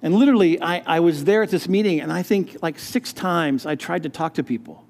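A pastor shares his personal testimony earnestly but haltingly, frequently restarting sentences. His voice is on the high side with a darkish tone.

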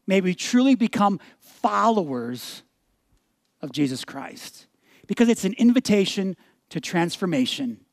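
High-voiced animated pastor preaching. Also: male voice, no room sound. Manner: animated, candid storyteller, shifting to a slower, prayerful tone. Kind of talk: sermon with personal storytelling and closing prayer.

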